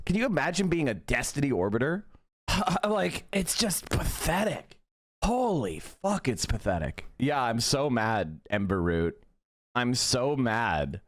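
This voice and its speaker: Male streamer host, heated profane rant, high-ish and very animated. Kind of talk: live-stream commentary.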